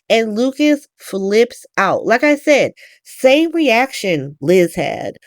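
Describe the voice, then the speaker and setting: A woman's voice: on the high side, slow, no echo, studio quality. A woman hosting a podcast, recapping a soap opera in casual, profane, slangy chat. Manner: animated, profane, slangy, gossipy. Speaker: podcast host.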